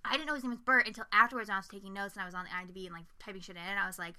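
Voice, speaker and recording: A young woman co-hosting a casual podcast, telling stories in a profane, animated way and acting out quotes. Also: mid-range voice, rapid-fire. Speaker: podcast co-host.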